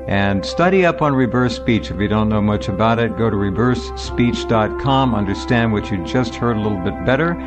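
A man hosting a talk radio show, speaking in a measured, earnest way. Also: lowish voice, music in the background. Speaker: radio host.

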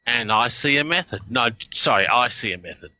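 A man's voice: mid-range voice, lively intonation, a little fast, bright, forceful tone, no echo, muffled recording. A man with an Australian accent hosting a casual chat, thinking aloud and often restarting his sentences. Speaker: host.

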